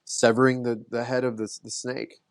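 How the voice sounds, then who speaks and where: A man's voice: mid-range voice, flat delivery, normal speed, dry recording. Guy on a podcast telling a story, mid voice, lots of restarts, dry close sound. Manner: earnest storytelling, many restarts. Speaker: podcast guest. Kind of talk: casual conversation.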